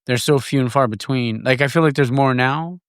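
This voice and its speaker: A man's voice: medium pitch, brisk, smooth, no room sound, clean studio sound. A man hosting a podcast, chatting in a chummy way, often agreeing with his guest and swearing casually. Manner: chummy, frequent agreeing, profane. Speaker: podcast host.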